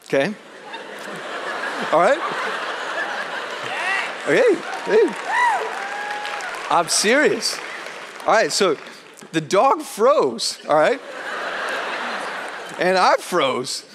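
A young man, a student chaplain, speaking from the stage in a university chapel and telling a personal story with animated energy. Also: sits high, very slow, pauses often, crowd noise, noisy background. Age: young adult. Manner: animated storyteller, acts out his own panic. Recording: long hall reverb.

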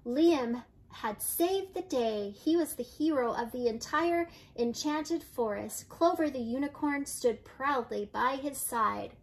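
An older woman, a grandmother, reading a children's picture book aloud in a gentle storytelling way, with light voices for the characters. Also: high voice, slow pace, hardly any pauses.

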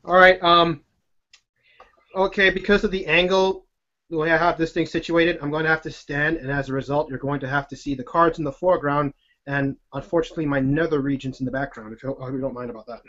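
A man doing a live card-magic demonstration on a video call, talking in a jokey, excitable, rambling way with self-deprecating asides. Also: on the high side, brisk. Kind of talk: chatty live-stream demonstration. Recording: dull lo-fi stream audio.

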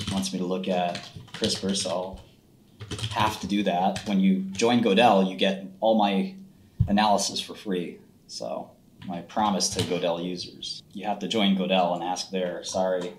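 A man's voice: deep voice, little pitch movement, unhurried, a little hiss or hum. A man hosting a casual livestream, picking apart stocks in a blunt, offhand, sarcastic way. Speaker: host analyzing stocks on a livestream. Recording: roomy echo, faint keyboard typing.

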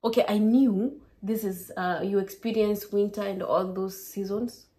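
A young Kenyan woman with a Kenyan accent, chatting to her viewers in a lively, casual vlog. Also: medium pitch, unhurried. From Kenya, Kisii. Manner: lively, keeps addressing viewers as guys. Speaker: vlogger.

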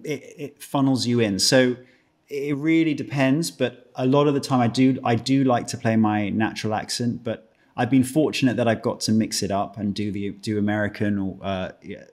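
A man's voice: mid-range voice, steady tone, normal speed, a little mellow. A man with a British accent chatting as a guest actor in a podcast from a room at home, joking dryly at his own expense and rambling through restarted sentences. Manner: dry self-mocking joker, chuckles often. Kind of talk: casual podcast chat.

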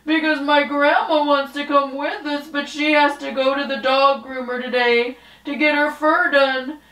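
A woman's voice: sits high, little pitch movement, unhurried, fairly bright tone, recorded from a distance, pitched above the performer's own voice. Eager little puppy puppet that says woof woof, a lady voicing it, impatient, echoey room. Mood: chatty. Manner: barks between words, eager and impatient. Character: excitable young dog puppet, loves car rides. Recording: roomy echo.

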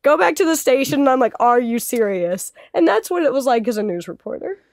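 Young woman, American accent, high voice, dry close sound, lively storyteller. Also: brisk, no echo. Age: 20s. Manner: animated, rising pitch in quoted speech. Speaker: guest. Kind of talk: casual storytelling interview.

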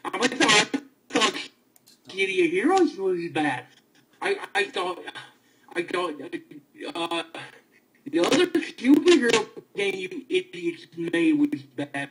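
A man angrily ranting about a video game, stammering and repeating himself as he swings between outbursts and low muttering. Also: sing-song, takes it slowly, noisy background. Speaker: video gamer. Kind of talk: angry ranting vlog.

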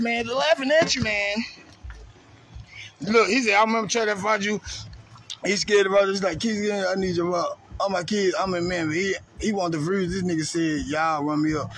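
A man launches into a heated, profane rant on a live video. His voice sits very high and rings bright and forceful, and he keeps hammering the same taunts. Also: slight background noise. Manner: confrontational, repetitive taunting. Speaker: streamer ranting on a live video.

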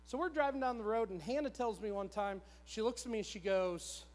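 A man's voice: sits high, lively intonation, brisk. A man in his thirties preaching a sermon in a church, telling a personal story in a conversational, repetitive, self-deprecating way. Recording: long church hall reverb.

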